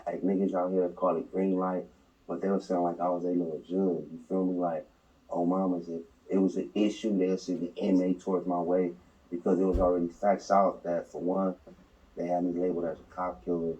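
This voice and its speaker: A man's voice: deep voice, fairly quick, recorded from a distance, muffled recording. A man telling a prison story in an interview, in heavy slang, acting out the quotes. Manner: slangy, animated retelling with acted quotes. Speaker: interview subject.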